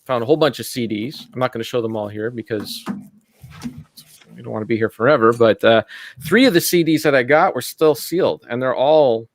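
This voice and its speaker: A man co-hosting a live online collecting chat, talking in a relaxed, halting way with many pauses and fillers over a video call. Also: medium pitch, a little hiss or hum. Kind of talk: casual chat.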